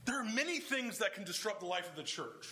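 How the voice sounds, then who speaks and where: Bright, animated male preacher. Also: high-pitched, a little fast, slight background noise, poor audio. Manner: animated, acts out quoted voices of others. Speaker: pastor. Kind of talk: sermon.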